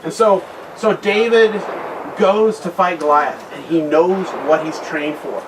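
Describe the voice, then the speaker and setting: A man tells a Bible story at a men's retreat in a casual, conversational way. He often restarts his phrases and drops his voice for the serious points. His fairly high voice is picked up by a distant mic over heavy background noise. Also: a little slow. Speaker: guest speaker at a men's retreat. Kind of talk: conference talk with Bible storytelling.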